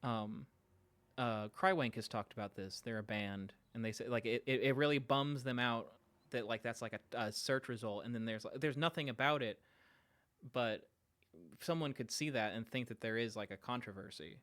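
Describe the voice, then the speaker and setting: A man's voice: mid-range voice, moderate pace, fairly bright tone. Rambling man chatting on a home livestream. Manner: rambling, self-deprecating, trailing off. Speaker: podcast host streaming live. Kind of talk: casual livestream chat with viewers. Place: at home with his dog.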